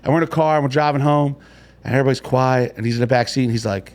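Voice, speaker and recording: A middle-aged man, a podcast host telling a profane, lively story about his son in casual chat. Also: medium pitch, racing.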